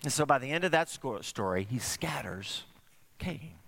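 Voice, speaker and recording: A male pastor preaching a sermon, telling stories with animated swings between raised and hushed delivery. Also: normal speed, gravelly, no echo. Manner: animated storytelling, swooping between high and hushed.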